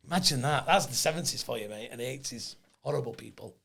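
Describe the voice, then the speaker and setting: Gravelly and mid-range, this man's voice races along with hardly a pause as he spins comic anecdotes on his podcast. A comedian and co-host, he laughs a lot and mimics the people he quotes.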